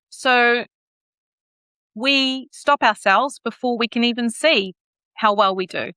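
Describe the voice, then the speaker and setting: A middle-aged woman with a New Zealand accent, a communications coach speaking as a podcast guest and playing with her pitch and pace to show what a voice can do. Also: dry recording. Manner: animated, plays with pitch and pace to demonstrate. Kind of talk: podcast interview.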